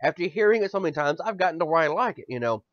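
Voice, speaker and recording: A man's voice: a little high, expressive, racing, fairly bright tone, no room sound. A male podcast host ranting in casual chat, swearing often and stammering over repeated words. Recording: dull dry lo-fi audio.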